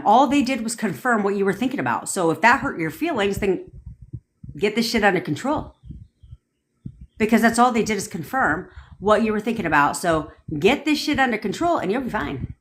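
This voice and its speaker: A woman coaching manifestation on a phone livestream rants through viewer comments, blunt, profane, and full of rhetorical questions. She has a sing-song, mid-range voice at normal speed, with a little hiss or hum in the audio.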